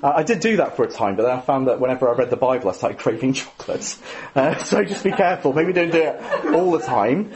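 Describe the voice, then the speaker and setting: A man's voice: mid-range voice, animated, quick pace, a little mellow. A man giving a sermon in a conversational, self-deprecating way, often adding tag questions. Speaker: preacher.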